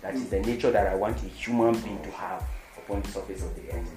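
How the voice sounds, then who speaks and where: Guy preaching a sermon, keeps hammering the same lines, loud then hushed, echoey room w/ music underneath. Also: steady tone, quick pace. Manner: emphatic, repeats "I'm telling you", swings between loud declarations and low quiet lines.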